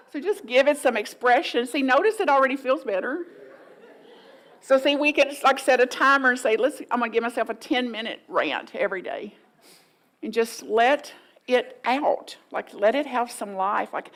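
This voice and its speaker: A woman's voice: fairly high pitch, normal speed, pauses often. Folksy woman preaching. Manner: folksy and playful, acting out inner voices. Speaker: guest minister. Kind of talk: sermon with congregation participation.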